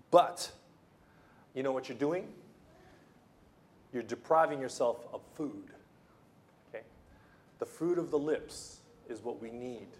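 A pastor with a mid-range voice preaches a sermon in a loose, conversational style. He restarts his sentences and slips in playful asides.

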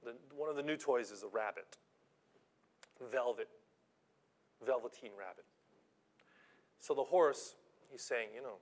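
Guy preaching a sermon, casual storytelling tone, trips over words, stretches out the big lines. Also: mid-range voice. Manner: conversational storytelling with halting restarts. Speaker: pastor.

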